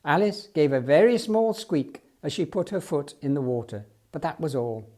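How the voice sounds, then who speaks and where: Man reading a kids storybook out loud, super lively up and down voice. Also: on the high side, normal speed. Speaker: storybook reader. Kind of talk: reading a children's story aloud.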